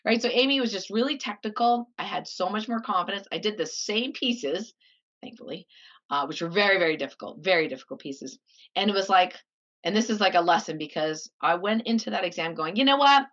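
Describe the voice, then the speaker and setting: A woman's voice: mid-range voice, brisk. A middle-aged woman from Canada telling her life story in a casual interview, laughing often and acting out what others said. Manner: animated, laughs often, acts out quoted voices. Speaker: guest. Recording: slightly dull lo-fi audio.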